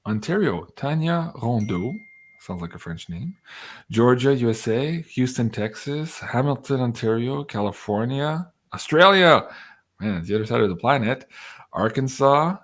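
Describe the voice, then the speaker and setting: A man's voice: mid-range voice, expressive, moderate pace, fairly bright tone. Upbeat man hosting a livestream. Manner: upbeat, reads out viewer locations, laughs often. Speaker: livestream host. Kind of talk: casual livestream chat.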